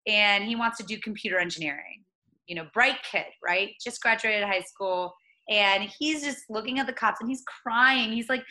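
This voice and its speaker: Twenty-something woman in an interview, bright clear voice, earnest and reflective, lots of restarts. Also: mid-range voice, normal speed, rough recording. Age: 20s. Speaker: interview guest. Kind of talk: conversational interview.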